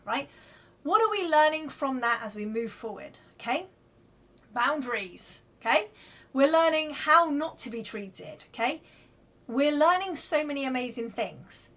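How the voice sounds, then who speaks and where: A woman's voice: a little high, expressive, normal speed, fairly bright tone. A woman giving live card readings to viewers in a chatty, reassuring way, checking in often with "okay?" and "right?". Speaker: card reader.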